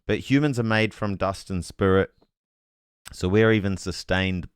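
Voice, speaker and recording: A man's voice: deep voice, fairly even intonation, a little slow, clear, resonant tone, no room sound, clean studio sound. A man streaming a casual Bible talk, thinking aloud and correcting himself as he goes, and reading chat messages aloud with puzzled asides.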